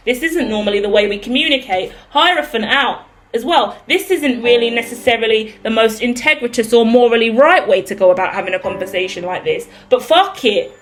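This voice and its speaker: A woman's voice: high-pitched, rough recording. Blunt British woman reading tarot. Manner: blunt, swears freely. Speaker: tarot reader.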